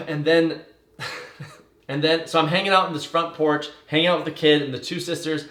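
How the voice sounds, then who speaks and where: A man telling a personal story in a casual, animated way, tumbling through details with fillers and swearing. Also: a little high, moderate pace. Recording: echoey room.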